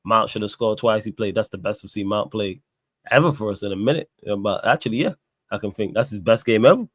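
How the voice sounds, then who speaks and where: Animated man in dry football banter. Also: fairly low pitch, fast, no echo. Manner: animated, defensive. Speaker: football pundit.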